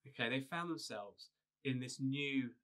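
A man pastor giving a video sermon, retelling a story in a relaxed, conversational way with frequent fillers. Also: medium pitch, a little slow.

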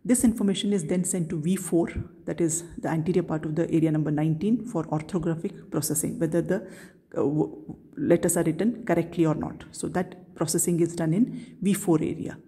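A woman teaching anatomy in a recorded video lecture, her voice low and mellow. She explains patiently and steadily, often asking a question and then answering it herself. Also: steady tone, brisk. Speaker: neuroanatomy lecturer.

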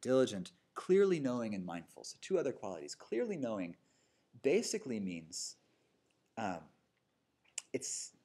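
Husky-voiced man giving a dharma talk. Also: lowish voice, mellow. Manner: casual, storytelling, tags lines with "right?" and "you know". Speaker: meditation teacher. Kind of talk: dharma talk to a live group. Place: yoga studio with a seated audience.

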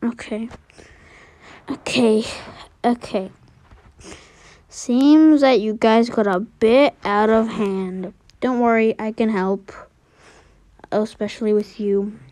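Excitable young woman streaming a game. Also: a little high, slow, long pauses, no room sound. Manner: excitable, trash-talking, often trails into mutters. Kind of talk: casual gameplay commentary.

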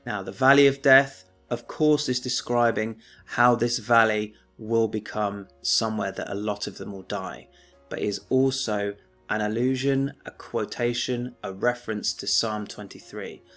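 A male teacher gives a remote lesson, reading verse aloud with weight and then annotating it in plain, steady explanation. His voice sits on the low side. Soft music plays faintly underneath. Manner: measured, declaiming the poem, then explaining plainly.

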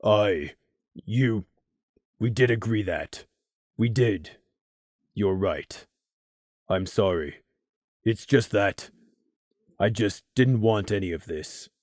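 A man's voice: lowish voice, unhurried, a little mellow, dry recording, clean studio sound. A man playing Crimson, a shaken, remorseful young man who speaks in a subdued voice in an audio drama. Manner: subdued, speaks through clenched teeth.

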